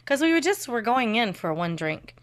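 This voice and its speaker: A woman co-hosting a podcast in casual chat, animated, swearing freely and laughing often. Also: a little high, normal speed. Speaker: podcast co-host.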